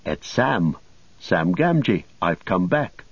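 Plain-spoken loyal young hobbit read by a man, earnest, low, dry and close. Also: very animated, slow pace, breathy edge, no room sound, exaggerated voice. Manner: plain homely speech. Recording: dull lo-fi recording.

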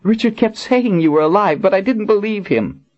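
A squeaky fussy old wizard. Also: male voice, expressive, normal speed, darkish tone, dull audio. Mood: fussy excited. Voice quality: high, thin, squeaky. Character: frail excitable old male wizard, fussy.

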